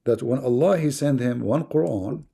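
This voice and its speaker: A man's voice: medium pitch, normal speed, gravelly, dark tone, slightly rough. A man hosting a heated live online debate, arguing in broken English, cutting in and repeating phrases to make his point. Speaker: debate host.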